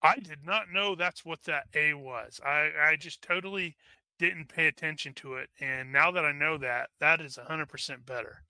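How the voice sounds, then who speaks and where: Rambling game master man, bright sharp voice. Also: fairly high pitch, normal speed, clear, resonant tone, dry recording. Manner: rambling, full of fillers and restarts. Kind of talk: narrating a tabletop game.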